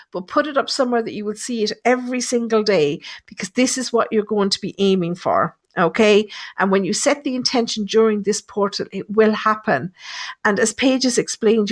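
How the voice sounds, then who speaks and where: A middle-aged woman hosts a live online show, talking in a chatty, friendly way and often repeating her phrases. Her voice sits fairly high for a woman. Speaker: host, medium.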